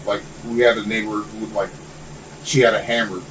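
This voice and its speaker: A man with a fairly low voice spins loose, winding anecdotes, swearing freely as he goes. He sits some way back from the microphone, so the sound is a little distant. A faint air-conditioner hum runs underneath. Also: normal speed. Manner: rambling, animated storytelling with lots of swearing. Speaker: podcast guest. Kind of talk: casual chat.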